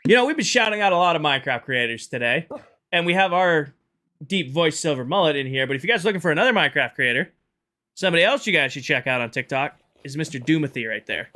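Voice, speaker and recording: A man's voice: a little high, expressive, fast talker, pushed and bright. A man streaming a game live, chatting with his viewers in a casual, sarcastic way, tired at the end of a long stream. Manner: chatty, sarcastic, addresses chat directly. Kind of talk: casual livestream chat.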